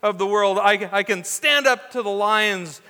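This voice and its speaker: Bright-voiced male preacher in a hall. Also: high-pitched, a little slow, smooth. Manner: conversational preaching with frequent restarts and asides. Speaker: pastor. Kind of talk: sermon.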